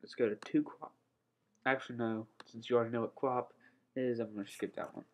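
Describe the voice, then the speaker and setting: The audio carries slight hiss or hum as a young gaming host offers casual let's-play commentary, somewhat out of breath. His medium-pitched voice stays steady and a little fast, broken by sudden "oh" exclamations and "da da da" humming while he concentrates.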